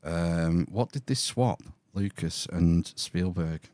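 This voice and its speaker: A low-pitched man chats casually as a podcast host, wandering from one film memory to the next with plenty of fillers. His voice is dry and close, with no room echo. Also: slow pace, mellow. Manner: chatty, reminiscing, with fillers. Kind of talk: casual chat.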